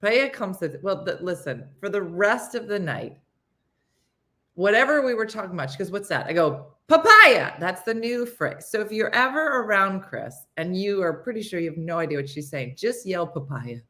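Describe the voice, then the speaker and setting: A middle-aged woman hosting a morning show, telling a comic story in a casual, animated way and acting out her friends' lines. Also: normal speed. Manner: animated, acts out friends' lines in higher voices, laughs a lot.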